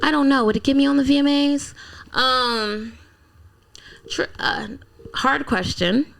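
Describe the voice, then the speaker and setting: A woman musician from Philadelphia telling stories in a casual interview, animated and acting out quotes. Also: high-pitched, unhurried, gravelly, slight background noise. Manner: animated storyteller, acts out quotes, exclaims. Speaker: guest musician.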